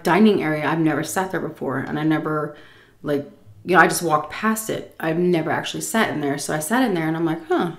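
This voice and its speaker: Chatty woman telling a story while eating. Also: deep voice. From United States. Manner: animated, acts out voices, laughs often. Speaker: food vlogger telling a story.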